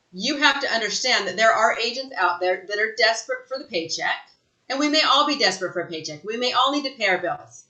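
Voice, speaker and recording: A woman runs a sales training session with punchy, emphatic delivery, often checking in with a quick "right?". Her voice is bright and forceful, and the room around her rings with noticeable echo. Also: on the high side. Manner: emphatic, energetic, tags lines with "right?". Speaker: real estate sales trainer. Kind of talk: live online training talk.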